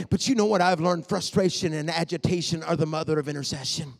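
A man, repeating phrases and building to shouts. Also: a little high, fast, creaky, hardly any pauses. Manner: impassioned, repetitive, rising to shouts. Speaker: preacher. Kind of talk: sermon.

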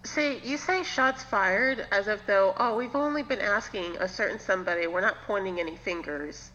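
A woman's voice: mid-range voice, normal speed, pushed and bright. A woman chatting as a podcast guest, sassy and teasing, swearing freely, on a lo-fi recording with reverb. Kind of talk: casual chat. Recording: lo-fi with hall reverb, faint hum.

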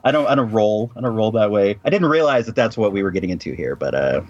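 A man's voice: lowish voice, lively intonation, fast talker, lo-fi sound. A man chatting on a podcast, joking and self-deprecating, laughing a lot. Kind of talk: casual chat.

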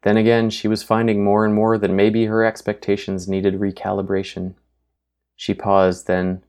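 Deep, flat-voiced male narrator. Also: normal speed. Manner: steady, even storytelling. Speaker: audiobook narrator. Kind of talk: scripted narration.

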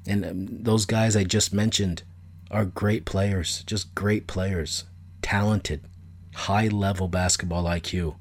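A man's voice: low-pitched, steady tone, slow pace. A middle-aged man hosting a solo podcast, talking casually in a blunt, opinionated, rambling way that repeats itself. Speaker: podcast host.

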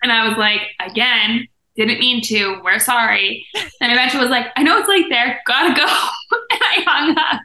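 A woman's voice: a little high, moderate pace, sharp tone, reverberant, slight background noise, poor audio. A young woman co-hosting a podcast, chiming in with a story in a casual chat and laughing often. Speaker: podcast co-host.

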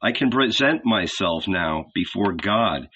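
A man voicing a gentle, resigned young man who speaks quietly and calmly. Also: low-pitched, slow, muffled recording, slight background noise, heavily acted. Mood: serene. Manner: quiet, soft-spoken.

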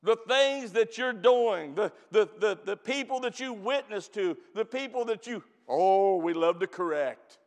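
High-voiced preacher man in an echoing hall. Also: expressive. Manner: preaches with loud drawn-out emphasis, calls out to the church; drops into quiet fast storytelling. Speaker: pastor. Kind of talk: camp meeting sermon.

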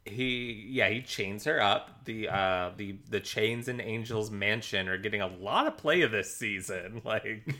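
A man co-hosts a relaxed podcast chat and talks slowly, stopping often for ums and laughs. His voice sits a little low but has a bright edge. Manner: slow, hesitant, full of ums and laughs. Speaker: podcast co-host. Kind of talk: casual rewatch podcast chat.

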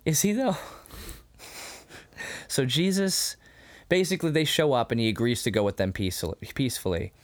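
A man co-hosting a podcast in a casual chat, animated and quick to laugh as he acts out scenes. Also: mid-range voice. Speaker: podcast co-host. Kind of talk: casual episode discussion.

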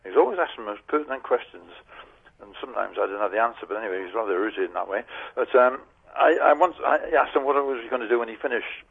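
An older man with a Tyneside accent and a husky voice, telling rambling anecdotes in casual radio chat. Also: mid-range voice, expressive, very fast. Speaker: regular guest, former journalism lecturer. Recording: tinny phone line.

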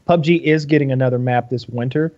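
A man's voice: mid-range voice, fairly even intonation, fairly quick, highs cut off. A man co-hosting a podcast in casual chat, rambling and swearing, restarting his sentences often. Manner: rambling, profane, lots of restarts.

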